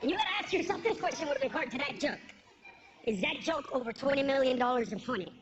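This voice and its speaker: Woman, high voice, animated ranting stand-up, dull lo-fi, loud audience. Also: fast talker, a little hiss or hum. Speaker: stand-up comedian. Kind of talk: stand-up comedy. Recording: dull lo-fi recording with loud crowd.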